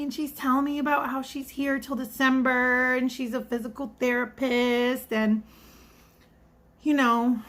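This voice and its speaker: Gravelly-voiced mom in her 30s or 40s rambling through a story for her vlog, lots of side comments. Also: high voice. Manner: chatty, rambling asides, acts out quoted voices. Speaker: vlogger and restaurant server.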